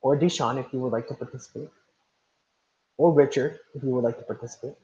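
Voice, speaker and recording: On a video call, a male teacher reads instructions to his online class and calls on students by name in an encouraging way. His medium-pitched voice is steady and mellow, he speaks quickly, and the highs are cut off.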